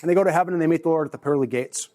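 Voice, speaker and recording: A man's voice: a little high, very fast, mellow. Chatty man presenting at a conference. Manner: chatty, joking, with restarts. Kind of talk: casual talk to a live audience. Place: conference room.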